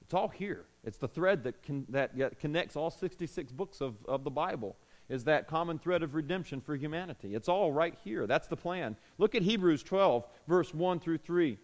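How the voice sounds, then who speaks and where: A man preaching a sermon in an earnest, emphatic way, with pauses and restarts. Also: a little high, lively intonation. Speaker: pastor.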